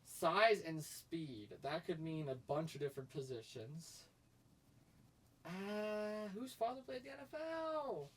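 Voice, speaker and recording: A man co-hosting a casual sports podcast, talking in an excitable, animated way. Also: a little high, slow pace, distant mic. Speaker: co-host.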